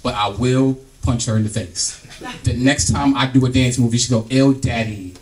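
A middle-aged man doing a stand-up comedy set on a club stage, loud and profane, acting out scenes from home. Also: medium pitch, moderate pace, far from the mic. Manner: loud, animated, profane, acts out family bits.

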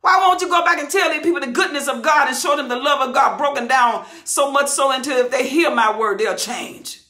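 A woman preaching on a Bible passage with a high, bright voice that rings in a roomy, echoey space. She hollers and drives her points home by repeating phrases. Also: a little fast. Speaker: Bible teacher. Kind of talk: impassioned verse-by-verse preaching. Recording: roomy echo.

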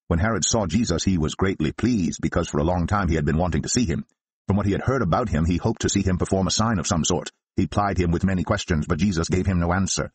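A man giving a scripted scripture narration in a steady, measured reading. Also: deep voice, slightly rough, no room sound. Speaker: Bible reader.

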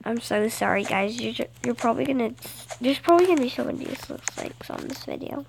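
A woman giving excitable, dramatic let's-play commentary to her viewers, recorded on a phone. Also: high voice, fast talker, creaky, a little hiss or hum, poor audio. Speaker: gaming channel host. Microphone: phone screen recording.

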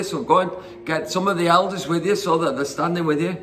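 Chatty preacher. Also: male voice, fairly high pitch, fairly quick, fairly bright tone. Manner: conversational, rambling, with fillers and asides. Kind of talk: informal sermon retelling Bible stories.

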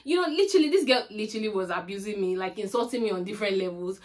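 A Nigerian woman tells a personal story straight to camera. Her voice swings high and low as she acts out the conversations, and her delivery stays lively throughout. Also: rapid-fire, hardly any pauses. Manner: animated storytelling that acts out remembered dialogue. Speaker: vlogger. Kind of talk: storytime vlog.

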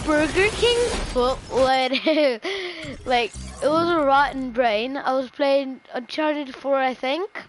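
High-voiced swearing woman gamer. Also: slow, hardly any pauses, faint music behind. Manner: profane, excitable trash talk. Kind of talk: gameplay commentary. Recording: noisy game audio behind. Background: game sounds and gunfire.

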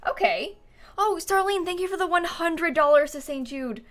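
Bright giggly woman streaming a game. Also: very high-pitched, lively intonation, moderate pace. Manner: chatty, giggly, thanks viewers by name, thinks aloud. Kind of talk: casual live-stream chat while building in a life-sim game.

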